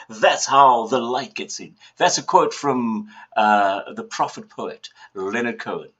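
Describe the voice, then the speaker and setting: This southern African livestream host speaks slowly in a mid-range, fairly bright voice, with lo-fi sound. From his home he rambles casually, chuckling and adding theatrical flair.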